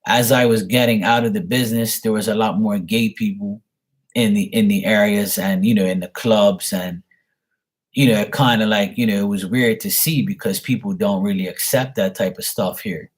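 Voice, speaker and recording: A man's voice: on the low side, steady tone, moderate pace. Man, psychic stream host; blunt, rambling, profane, casual. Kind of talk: casual livestream talk.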